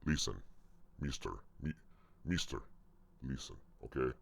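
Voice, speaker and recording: A man's voice: very deep voice, moderate pace. A man putting on a foreign accent to play his brash male restaurant boss, scolding bluntly.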